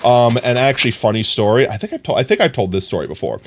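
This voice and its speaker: A man's voice: medium pitch, big pitch swings, fast talker, a little hiss or hum. Rambling streamer man chatting with his viewers. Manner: rambling, full of "like" and "um" fillers; reads and answers chat comments. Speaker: live streamer. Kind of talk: casual stream chat.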